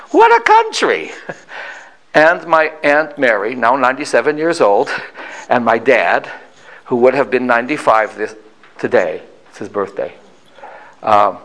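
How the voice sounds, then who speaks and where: A man in his sixties telling a family story in an animated way, full of dramatic pauses. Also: mid-range voice, rough recording.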